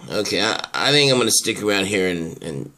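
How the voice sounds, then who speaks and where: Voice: low-pitched, lively intonation, fairly quick, sharp tone. A performer voicing an evasive grown man who dodges questions, in amateur soap-opera acting. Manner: mumbling, evasive. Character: gruff grown man, evasive mob boss.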